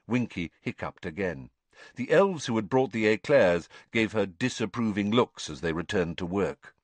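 A man reading a children's novel aloud as an audiobook narrator, expressive storytelling. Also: on the low side, moderate pace, dry recording. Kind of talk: scripted narration.

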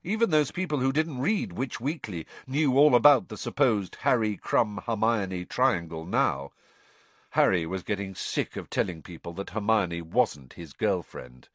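A man reading an audiobook with expressive storytelling. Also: fairly low pitch, measured pace, dry recording. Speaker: narrator.

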